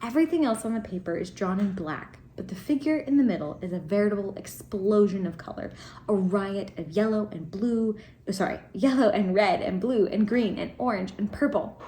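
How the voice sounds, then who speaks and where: At home, a book vlogger with a dark, medium-pitched voice talks at a moderate pace about a book she's reading, casual and rambling with ums and laughter. Faint noise from her cats and the laundry comes through in the echoey room.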